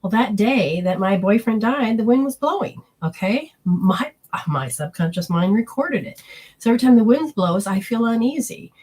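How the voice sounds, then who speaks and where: A woman's voice: on the high side, lively intonation, moderate pace, a little mellow, slightly rough. A woman giving an earnest spiritual healing talk, telling personal stories and acting out inner voices in quotes.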